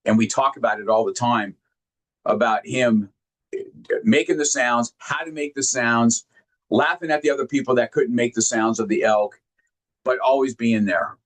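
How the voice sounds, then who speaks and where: A man giving a heartfelt motivational talk, sharing personal stories earnestly and emphatically, often halting and repeating words when moved. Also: medium pitch, fairly bright tone. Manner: emphatic, directly addresses listeners. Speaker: motivational speaker.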